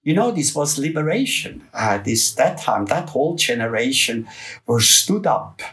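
An older man, a photographer, telling rambling, lively stories in an interview, full of restarts. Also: medium pitch, normal speed, recorded from a distance. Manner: rambling, lively storyteller with frequent restarts and laughs. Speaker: guest photographer. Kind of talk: anecdotal storytelling interview.

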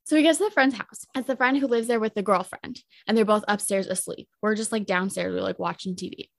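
A young woman cohosts a chatty podcast and tells a story at a quick clip, full of fillers. She acts out what people said with lively jumps in pitch. The mic sounds close and dry. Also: vocal fry, dry recording. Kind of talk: casual storytelling chat.

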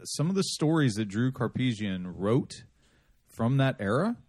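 A man co-hosting a casual podcast chat, speaking in a measured, thoughtful way. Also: medium pitch, big pitch swings, darkish tone, dry recording, studio quality. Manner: measured, thoughtful, cautious about rumors. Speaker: podcast co-host.

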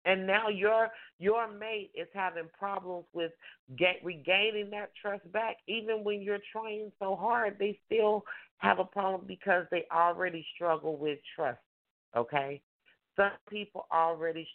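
A woman's voice: mid-range voice, fairly even intonation, a little slow. A woman life coach hosting a call-in show. She gives relationship advice emphatically, repeats her points and acts out the voices of the couples she describes. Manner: emphatic, repetitive preaching with acted-out mimicry. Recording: tinny phone-line sound.

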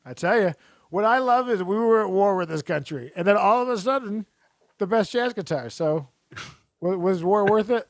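A man's voice: sits high, animated, normal speed, no room sound, studio quality. A man co-hosting a casual chat, rambling and joking, often breaking into laughter. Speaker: podcast co-host.

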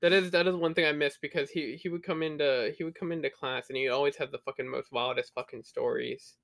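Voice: mid-range voice, steady tone, fast, gravelly, fairly bright tone. Podcast co-host, casual rambling storyteller, filler words and swearing throughout.

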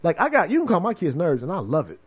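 Chatting casually at a quick pace, he has a husky, fairly high voice that leaps up and down in wide, lively jumps. He's laid-back and slangy but emphatic, frequently acting out the voices of those he quotes.

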